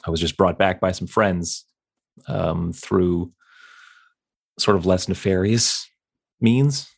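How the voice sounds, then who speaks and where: A man's voice: low voice, takes it slowly, gravelly, breathy edge. A man playing a tabletop game, speaking in character in a hesitant, earnest way. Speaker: player. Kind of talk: in-character tabletop role-play.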